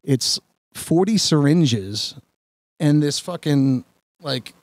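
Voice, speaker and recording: A man's voice: on the high side, slow pace, no room sound. Rambling storyteller man, dry close mic. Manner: rambling, animated storytelling with many restarts. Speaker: podcast host. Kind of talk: casual storytelling chat.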